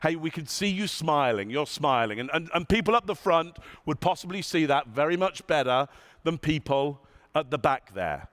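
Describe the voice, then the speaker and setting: A man giving a conference keynote in a large hall, animated and asking the audience questions, sometimes dropping his voice low and soft to show a point. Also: normal speed. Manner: demonstrates tones, drops voice low and soft. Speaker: keynote speaker.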